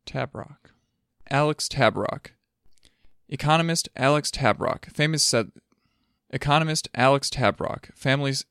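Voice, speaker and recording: A man's voice: medium pitch, normal speed, gravelly, a bit bright, no room sound, clean studio sound. A man narrating an audiobook who stumbles over unfamiliar names, swears under his breath and retries them again and again. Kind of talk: audiobook reading with bloopers and retakes.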